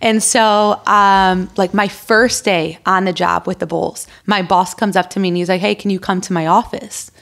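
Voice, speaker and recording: Lively woman guest telling stories. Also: lowish voice, moderate pace, gravelly, few pauses. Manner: animated, acts out quoted dialogue. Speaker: podcast guest. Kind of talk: casual interview storytelling.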